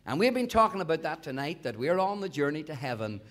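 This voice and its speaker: A man with a Northern Irish accent, a gospel singer telling humorous stories at a concert in a lively, animated way. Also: a little high, fast talker.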